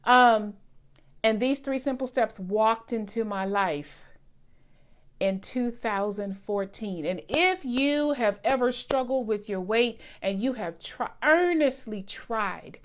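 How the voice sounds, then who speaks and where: Excited woman streaming live. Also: fairly high pitch, slow pace. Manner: excited, talks directly to viewers, Southern-style "y'all". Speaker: wellness live-stream host. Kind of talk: casual live-stream chat.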